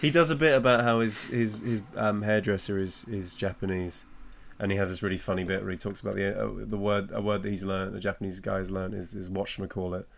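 A man's voice: lowish voice, fairly even intonation, a little fast, vocal fry, few pauses. An English man, a comedian, in casual chat, frank and opinionated, thinking aloud as he talks. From England.

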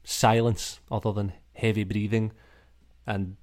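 A man runs a tabletop role-playing session as game master. His voice sits a little low, and he narrates casually, peppering scenes with fillers and swearing. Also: flat delivery, measured pace, darkish tone.

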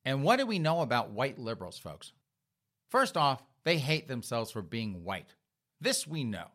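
A man's voice: mid-range voice, very animated, normal speed, fairly bright tone. A man hosting an opinion commentary monologue, mocking and sarcastic, repeatedly addressing his listeners directly. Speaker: commentary host.

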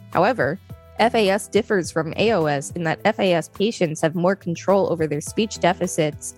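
A woman co-hosting a podcast, reading her part of a scripted explainer in a measured way. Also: fairly low pitch. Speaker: podcast co-host.

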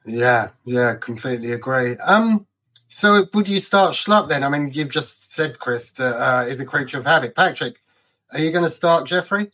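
A man's voice: medium pitch, lively intonation, moderate pace, fairly bright tone. A man co-hosting a casual football podcast, chatty and fond of telling anecdotes. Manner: chatty storyteller, laughs at his own anecdotes. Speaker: podcast co-host.

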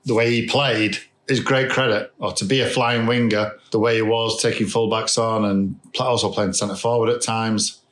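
A man's voice: on the low side, little pitch movement, normal speed, few pauses, fairly bright tone. A man chatting enthusiastically about football on a podcast, often restarting and repeating his words. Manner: enthusiastic, repetitive, trailing restarts. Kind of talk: casual football chat. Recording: roomy echo.

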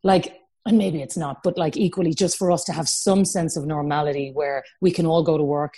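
A woman's voice: deep voice, fairly even intonation, fairly quick, warm tone, husky. A woman in her thirties with a Cork Irish accent, chatting in an interview and acting out quoted lines as she tells her stories. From Ireland. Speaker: sports broadcaster, interview guest. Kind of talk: casual conversational interview.

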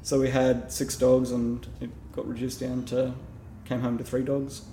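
A man's voice: medium pitch, flat delivery, a little slow, dark tone, echoey room, a little hiss or hum. An Australian man, a knife maker, chatting casually on a podcast and rambling with many self-deprecating restarts.

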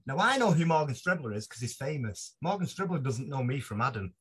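Animated, husky storyteller. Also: male voice, on the high side, fairly quick, hardly any pauses. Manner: animated storyteller, laughs often, puts on voices. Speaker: podcast guest. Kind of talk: casual anecdote telling.

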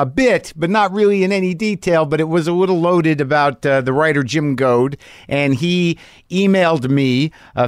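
A man's voice: on the high side, clear, resonant tone, no echo, studio quality. A middle-aged man hosting a podcast, telling a rambling, profane, self-mocking story in a casual monologue. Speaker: podcast host.

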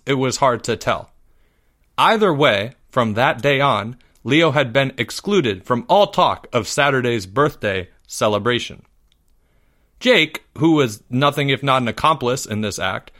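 Steady male podcast storyteller. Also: medium pitch, a little slow. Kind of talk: storytelling reading.

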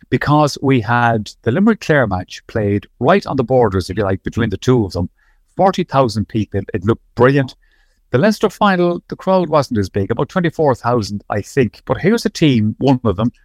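An Irish man hosts a sports podcast and leads his guests along in a measured, conversational way. His voice sits at a middle pitch. The recording is close and dry. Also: no echo. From Ireland. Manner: measured, conversational, hedging with fillers. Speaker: podcast host.

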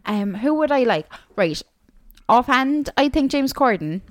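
A woman's voice: high voice, expressive, measured pace, a crowd in the background. A young woman, co-hosting a podcast in casual chat, teasing and sarcastic. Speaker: podcast co-host.

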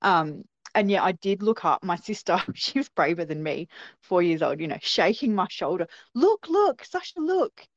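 Woman, young adult, interview guest, animated storyteller, lowish voice, dry lo-fi sound. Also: moderate pace, no echo. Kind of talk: recounting a personal experience.

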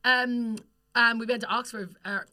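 Irish woman, young adult, podcast co-host, casual, sweary, bright tone. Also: a little high, fairly even intonation. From Ireland. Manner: chatty, sweary storytelling, quick laughs. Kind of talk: casual chat.

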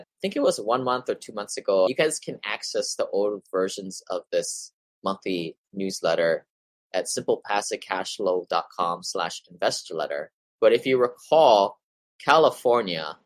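A man hosts a real estate investing show, reading passages from articles and then adding offhand opinions, stumbling at times. His voice is on the low side, with no echo and a rough recording.

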